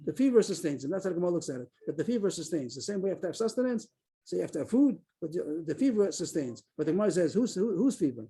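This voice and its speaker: Male Talmud teacher on a video call, rattles through the text, dark and husky. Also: high-pitched, sing-song. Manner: explains quickly, repeats phrases, reads Aramaic text aloud. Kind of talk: Daf Yomi class on a video call.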